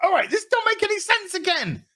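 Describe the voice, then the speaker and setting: A man's voice: very high-pitched, big pitch swings, fairly quick, sharp tone. A man with a Yorkshire accent ranting sarcastically through a TV episode review, swearing often. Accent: Yorkshire English. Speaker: TV review vlogger.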